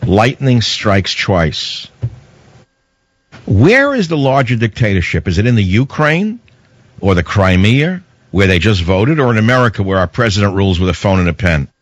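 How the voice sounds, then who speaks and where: A man's voice: fairly low pitch, very animated, moderate pace, no room sound, muffled recording. Sarcastic, heated talk radio man. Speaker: radio talk show host.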